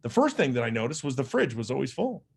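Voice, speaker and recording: A man's voice: mid-range voice, sing-song, quick pace, gravelly, slightly rough. Earnest man telling his life story. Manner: earnest, conversational, frequent fillers and restarts. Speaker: motivational speaker. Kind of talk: personal storytelling speech.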